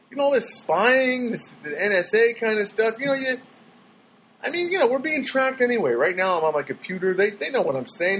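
A man's voice: high voice, a bit bright, a little hiss or hum, low-quality recording. A man vlogging in a casual, rambling monologue that keeps swinging into exasperated rants.

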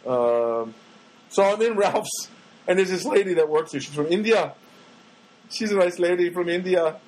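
A man's voice: high voice, expressive, moderate pace, darkish tone, poor audio. A middle-aged man hosting his own podcast, rambling and self-mocking and now and then breaking into a sung snatch. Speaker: podcast host. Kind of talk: rambling solo podcast monologue.

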